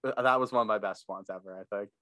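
A man co-hosting a podcast in casual chat, laid-back and quick to laugh. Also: lowish voice, fairly bright tone, no echo. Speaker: podcast co-host.

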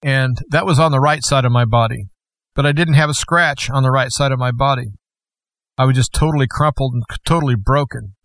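A man telling a personal testimony in an earnest, deliberate storytelling manner. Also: mid-range voice, fairly bright tone, no echo.

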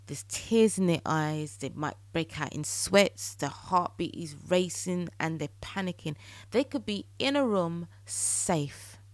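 A woman hosting a solo podcast, talking earnestly and coaching listeners through affirmations she recites slowly. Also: medium pitch, dry recording. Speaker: podcast host. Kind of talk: solo podcast talk on manifestation.

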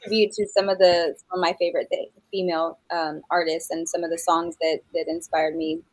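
A woman's voice: fairly low pitch, flat delivery, brisk, no room sound, low-quality recording. Chatty woman guest, dry close sound. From New Mexico. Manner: warm, many fillers and restarts, laughs often. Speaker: guest singer. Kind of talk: casual interview chat.

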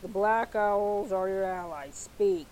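A woman voicing a fat, paranoid male rat prince who bellows accusations, read slowly with faint hiss behind. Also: medium pitch, a little mellow, close to an everyday voice, low-quality recording. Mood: angry.

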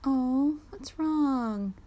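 Brief: woman doing a bright playful young heroine, eager and teasing, storybook reading. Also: fairly high pitch, lively intonation, moderate pace. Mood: cooing.

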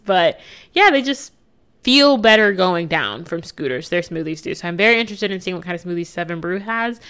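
A woman's voice: mid-range voice, lively intonation, moderate pace, fairly bright tone, smooth. A young woman from the United States hosting her own podcast, talking in a chatty, candid way and laughing easily. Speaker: podcast host. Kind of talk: casual solo podcast chat.

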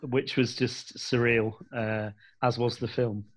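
A man's voice: mid-range voice, flat delivery, takes it slowly. Man, from England, casual chat, rambling, self-correcting. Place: London.

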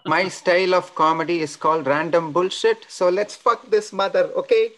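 A man from India with an Indian accent, performing a stand-up comedy set of deadpan one-liners at an open mic. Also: high voice, moderate pace.

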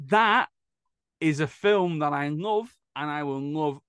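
A man's voice: a little high, measured pace, clean tone, dry recording, clean studio sound. A man hosting a podcast, telling stories in casual chat with hesitant restarts. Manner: storytelling, hesitant with fillers. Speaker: podcast host.

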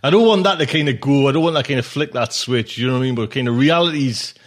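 A man's voice: medium pitch, quick pace. A man hosting a podcast, chatting casually and rambling with many filler phrases. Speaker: podcast host. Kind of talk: casual chat.

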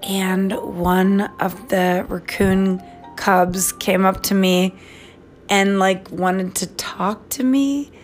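Very slow rambling woman, faint music. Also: mid-range voice, fairly even intonation. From US East Coast. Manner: slow, meandering, drifts into whispers. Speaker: podcast host. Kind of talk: rambling personal voice memo. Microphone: phone.

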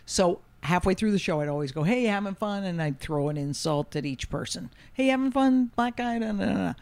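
A man's voice: high voice, a little fast, creaky. A man hosting a podcast, telling stories in casual chat and acting out what people said. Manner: profane, animated storyteller who acts out quotes. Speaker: podcast host and comedian.

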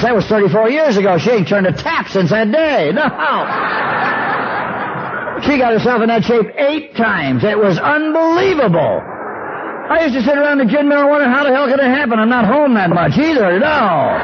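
A middle-aged man telling a humorous recovery story, acting out the voices he quotes. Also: very high voice. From Southern California. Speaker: speaker at a recovery meeting. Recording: dull old lo-fi tape with faint hiss.

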